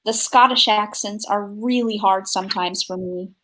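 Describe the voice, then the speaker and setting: A friendly woman talking casually and softly over a stream call, with a mid-pitched voice. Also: normal speed. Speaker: stream guest. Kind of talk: casual chat.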